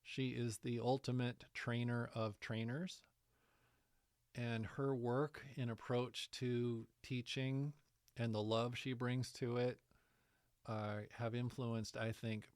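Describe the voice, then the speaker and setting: A man telling a travel story in a casual interview, animated and laughing often. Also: medium pitch, slow, dry recording, studio quality. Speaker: guest, distance education coordinator.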